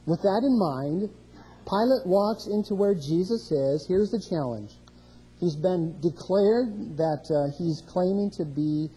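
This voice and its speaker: A man's voice: a little high, dark tone, slightly rough, long reverb tail, poor audio. A man preaching a sermon, walking through scripture verse by verse and rising in emphasis on key questions. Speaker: pastor.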